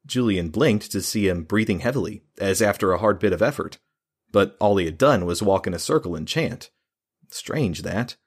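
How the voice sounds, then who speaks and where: A man narrates a fantasy novel in a steady, measured reading. His voice sits very low with a husky grain. The delivery is calm and even. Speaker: audiobook narrator.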